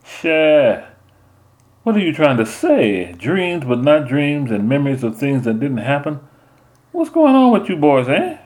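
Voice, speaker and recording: A man's voice: fairly high pitch, wildly swooping pitch, measured pace, darkish tone, pitched above the performer's own voice. A man voicing a big, stern Louisiana mother who scolds firmly and talks in drawling folk speech. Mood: anxious scolding.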